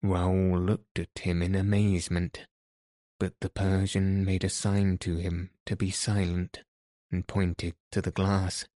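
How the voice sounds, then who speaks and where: Deep, dark-toned man narrating an audiobook, flat and unhurried. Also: no room sound, studio quality. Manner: slow, even, measured reading. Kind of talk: scripted narration.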